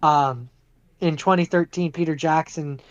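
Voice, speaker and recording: A man co-hosting a podcast in casual chat, talking in a measured, hesitant way with lots of fillers and sounding like he's losing his voice. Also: on the high side, steady tone, dull audio. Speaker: podcast co-host.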